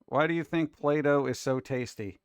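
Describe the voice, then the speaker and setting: A man's voice: on the high side, moderate pace, clean tone, dry recording. A man hosting a casual reaction show about food videos, talking in an exasperated, wisecracking way.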